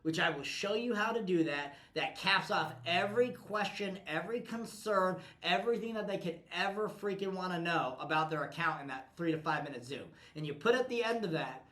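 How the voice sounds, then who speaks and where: Man, high voice, blunt motivational team talk, swears a lot, echoey room. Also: lively intonation, fairly quick, hardly any pauses. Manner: forceful, profane, pushy. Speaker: business coach addressing his team.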